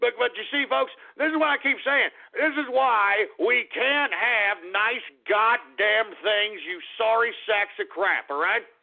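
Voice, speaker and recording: A male radio host with a raised, gravelly voice, grumbling and cursing as he wraps up his show. His sound is thin and lo-fi, like it comes over a phone line. The delivery is ranting talk radio, exasperated and blunt. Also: high-pitched, a little slow, hardly any pauses. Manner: gruff, exasperated, swearing.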